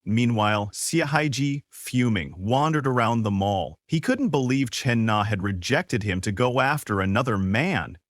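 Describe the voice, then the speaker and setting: A man's voice: medium pitch, unhurried, hardly any pauses, no room sound, clean studio sound. A man narrating a recap of a comic story in a scripted storytelling style, reading the characters' lines as part of the telling. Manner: lively storytelling, quoting characters' lines in passing.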